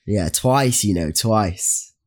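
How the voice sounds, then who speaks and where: A man's voice: fairly low pitch, lively intonation, slow pace. A young man, co-hosting a casual podcast chat and telling a story full of slang and restarts. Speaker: podcast co-host.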